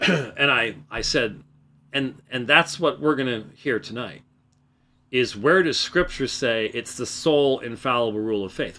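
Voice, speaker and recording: Man host, solo commentary, loud and emphatic, bright voice with lively pitch. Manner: emphatic, loud, keeps restarting sentences. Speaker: host of a religious debate program. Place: small room, away from the usual studio. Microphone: microphone close by.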